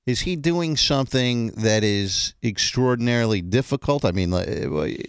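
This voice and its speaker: A man hosting a radio show, asking questions in a casual, halting way with many restarts. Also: mid-range voice, lively intonation, clean tone, no room sound. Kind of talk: casual interview chat. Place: radio studio.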